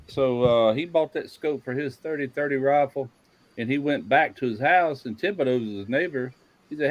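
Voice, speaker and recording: A man's voice: brisk, muffled recording. A man casually telling folksy jokes, lifting his voice for the characters. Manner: tells folksy Cajun jokes, doing character voices higher. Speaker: joke teller.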